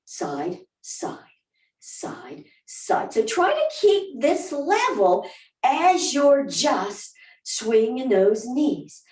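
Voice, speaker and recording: A woman's voice: high-pitched, very animated, very slow, darkish tone. A woman with a Southern US accent leading a barre workout, coaching upbeat with whoops and counts. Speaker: barre fitness instructor. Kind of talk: live workout instruction. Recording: roomy, from a distance.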